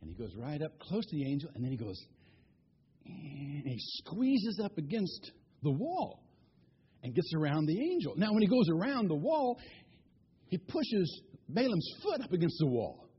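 A man telling a Bible story in an animated way, asking his listeners questions. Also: a little high, normal speed, slightly rough, highs cut off.

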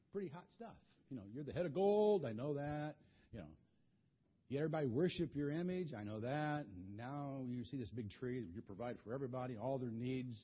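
Man playing a wise young prophet, gentle and earnest, breathy voice, muffled lo-fi sound. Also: medium pitch, voice pushed down. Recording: dull lo-fi recording.

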